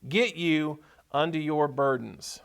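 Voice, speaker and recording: A man's voice: fairly high pitch, slow, vocal fry, a bit bright. A man preaching a sermon as pastor, reading scripture aloud and repeating key points with emphasis. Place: church sanctuary.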